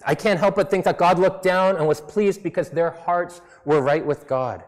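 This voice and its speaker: Man, pastor preaching a sermon, slight non-native accent, conversational, fairly high voice, long hall reverb. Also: normal speed. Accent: non-native English accent. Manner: conversational, self-deprecating preaching with mock voices.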